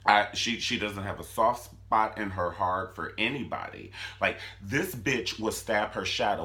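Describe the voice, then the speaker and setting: A sassy man recapping a TV drama in a loose, comedic way. His voice sits fairly low but swings wildly up and down, with a bright, hard edge. He talks in an animated, playful rush. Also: a little slow, few pauses. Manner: sassy, animated, swooping between squeals and low mutters. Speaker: vlogger reviewing a TV drama.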